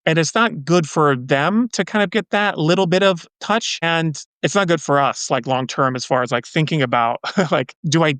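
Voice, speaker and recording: A man's voice: a little high, normal speed, hardly any pauses, a bit bright, no echo. Earnest man talking loosely. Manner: earnest, loose, many fillers and restarts. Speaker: guest. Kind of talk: casual podcast conversation.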